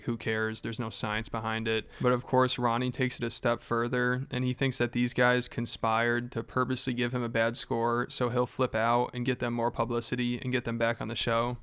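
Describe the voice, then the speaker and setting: A man narrating a casual commentary about a radio show clip, telling the story in a wry, relaxed way. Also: medium pitch, clean tone. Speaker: commentary host.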